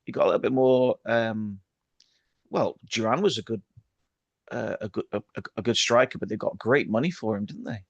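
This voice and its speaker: A man's voice: on the low side, normal speed, vocal fry, no room sound, dull audio. A man co-hosting a casual football podcast, talking in a chatty way and steering the conversation onto new topics. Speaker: podcast co-host.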